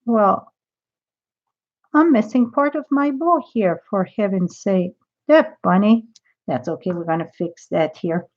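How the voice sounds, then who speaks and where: A woman's voice: mid-range voice, a little slow, dull audio. A woman demonstrating a craft project in a live tutorial, chatty and thinking aloud as she works.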